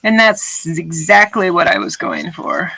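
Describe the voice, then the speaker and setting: A woman's voice: fairly low pitch, unhurried, vocal fry, bright, forceful tone, husky, poor audio. A woman artist chatting casually on a livestream while she works, rambling and swearing now and then. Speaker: artist streaming her work. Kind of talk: casual livestream chat while making art.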